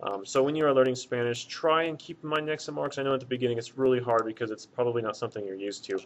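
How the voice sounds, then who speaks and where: A man teaching a Spanish lesson in a relaxed way, with many filler words. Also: medium pitch, fast talker. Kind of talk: casual video lesson. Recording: dull lo-fi sound.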